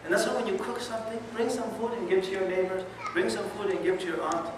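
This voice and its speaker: A man's voice: high-pitched, fast talker. Man, religious lecture, conversational, distant mic, background noise. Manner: conversational, animated, asks the audience questions. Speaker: Islamic lecturer. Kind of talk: sermon. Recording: echoey hall from far off, noisy.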